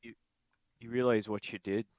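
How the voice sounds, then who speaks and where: A man voicing a bitter, brooding cloaked vigilante in a gruff put-on Irish accent. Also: on the low side, flat delivery, moderate pace, no echo, dull audio, close to an everyday voice.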